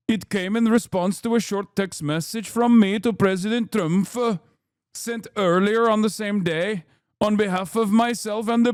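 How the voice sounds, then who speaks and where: A man putting on a Norwegian accent, playing a stiff, formal male statesman who reads an official statement slowly and with measured care. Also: sits high, clean tone, no echo, studio quality. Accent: put-on Norwegian.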